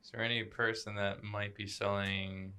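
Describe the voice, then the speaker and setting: A man's voice: lowish voice, level tone, moderate pace, pushed and bright, smooth. A young man playing in a tabletop game, chatting casually and joking. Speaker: player. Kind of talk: casual chat.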